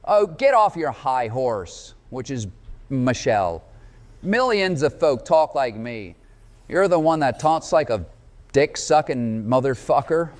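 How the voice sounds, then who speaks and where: A man's voice: medium pitch, sing-song, slow. Man doing a drawling cowboy politician. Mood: scornful. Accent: put-on Southern US drawl. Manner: folksy, drawling, cowboy slang. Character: folksy cowboy-talking male ex-president impression. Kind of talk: comedic gameplay voice impression.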